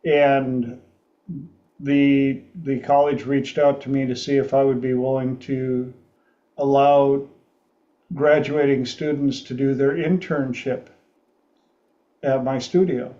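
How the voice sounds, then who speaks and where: A man's voice: medium pitch, flat delivery, takes it slowly, long pauses, dark tone, highs cut off. A man hosting a podcast, telling a story in a frank, rambling way with frequent restarts. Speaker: podcast host. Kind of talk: storytelling chat.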